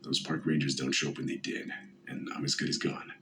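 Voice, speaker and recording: A man narrating a first-person horror story in a steady, measured way. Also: rumbling low, slight background noise, rough recording. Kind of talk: scripted narration.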